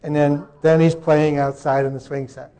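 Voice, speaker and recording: A man's voice: a little high, level tone, warm tone. A man giving a live conference presentation, often stopping mid-sentence to sort out his slides. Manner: halting, breaks off mid-sentence to fix tech.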